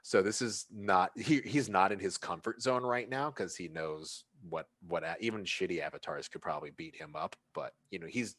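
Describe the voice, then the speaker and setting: A man runs a tabletop game as game master, narrating at length in a rambling way full of fillers. His voice is very low and the sound is dry and close. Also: no room sound.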